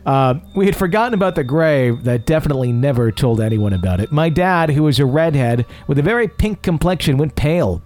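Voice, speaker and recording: A man's voice: a little high, lively intonation, a little fast, hardly any pauses, darkish tone. A middle-aged man hosting a paranormal podcast, chatting casually and reading listener letters with self-deprecating humor. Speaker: podcast host.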